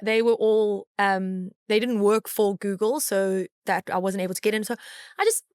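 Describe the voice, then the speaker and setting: A South African woman, a guest in a casual chat, telling a story in a lively way and acting out the dialogue. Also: moderate pace, clear, resonant tone, no echo, clean studio sound. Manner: lively, acts out dialogue with big pitch jumps. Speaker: guest, agency founder.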